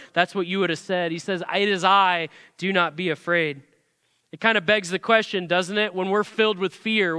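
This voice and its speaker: Bright-voiced pastor preaching. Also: male voice, sits high, clean tone, dry recording, clean studio sound, big-room sound. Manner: conversational, rhetorical questions. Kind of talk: sermon. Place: church sanctuary.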